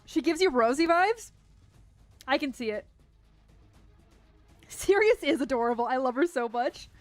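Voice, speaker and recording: A woman streamer chatting casually during a game, gushing excitedly about the characters. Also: high-pitched, unhurried, dry recording, soft background music. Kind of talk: casual chat while playing a game.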